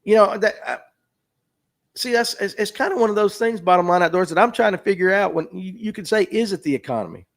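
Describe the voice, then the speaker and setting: Hosting a fishing show, a man in his fifties with a North Georgia Southern drawl chats folksily, reading viewer comments and answering chat questions aloud. His voice sits high and is expressive and fast, with vocal fry, in a casual livestream style.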